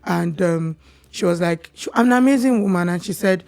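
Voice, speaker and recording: A young Nigerian woman, a podcast guest, telling her personal story in a candid, animated way. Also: on the low side, moderate pace, vocal fry.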